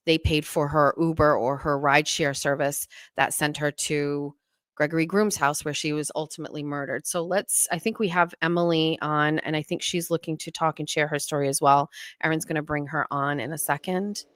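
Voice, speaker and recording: A woman's voice: deep voice, fairly even intonation, normal speed, a bit bright, no room sound. A woman hosting a livestream talk show, speaking in a reassuring, encouraging way.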